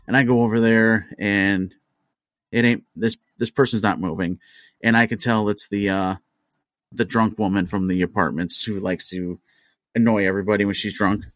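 A man's voice: fairly low pitch, fairly even intonation, moderate pace, dry recording, studio quality. Profane, storytelling man on a podcast. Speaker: podcast host. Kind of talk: casual chat over drinks.

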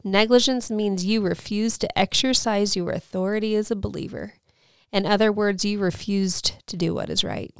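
Earnest woman, smooth dry voice. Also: mid-range voice, steady tone, normal speed, no echo. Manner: earnest storytelling, emotional. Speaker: podcast co-host. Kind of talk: faith podcast chat.

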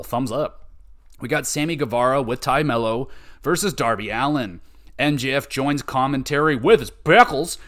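A man hosting a wrestling podcast, recapping matches in casual, excitable chat and swearing freely. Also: medium pitch. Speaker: podcast host reviewing wrestling.

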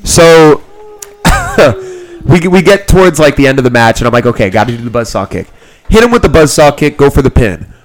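A man's voice: mid-range voice, moderate pace. A man hosting a casual podcast, telling a story with lots of laughs and swearing and playing both sides of the exchange. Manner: animated, laughs often, swears, acts out both sides of stories. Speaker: podcast host. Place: small room, sitting on a kid's trampoline. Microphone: own mic close to a second mic.

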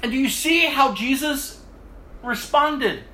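A man's voice: extremely high pitch, animated, takes it slowly, pushed and bright. A man preaching a sermon, reading scripture and then explaining it with emphatic repetition of key words. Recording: echoey room.

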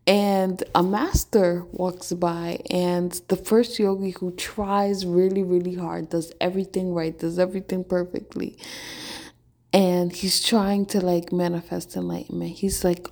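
A woman hosting a podcast, talking in a relaxed, conversational way and telling stories with lots of "like"s. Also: fairly low pitch, a little slow, creaky. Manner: animated storytelling. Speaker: podcast host. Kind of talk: casual spiritual talk.

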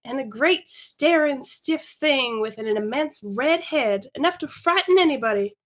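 Woman reading high, prim Victorian girl, breathless confiding storyteller. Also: expressive, measured pace, a bit bright. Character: prim Victorian young woman telling a secret.

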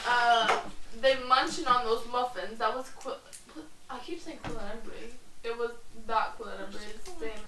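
A woman co-hosting a podcast, retelling scenes in an animated way and laughing often in casual chat. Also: on the high side, moderate pace, echoey room, distant mic, heavy background noise. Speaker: podcast co-host.

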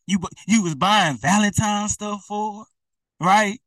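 Preacher, male, direct and repetitive, bright tone, sits back from the mic. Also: high-pitched, a little slow, no room sound, recorded from a distance. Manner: colloquial, repetitive, direct address. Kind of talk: informal preaching to camera.

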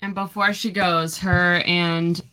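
A woman's voice: lowish voice, takes it slowly. A young woman co-hosting a casual book podcast, reading passages aloud and reacting to them. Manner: reads passages aloud, relaxed and agreeable. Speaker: podcast co-host. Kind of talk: casual book-club chat.

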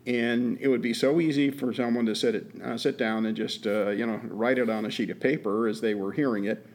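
A man's voice: medium pitch, steady tone, brisk, darkish tone. Chatty man co-hosting a podcast. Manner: folksy storytelling with many "uh" fillers and repeats. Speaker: podcast co-host. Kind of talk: casual chat.

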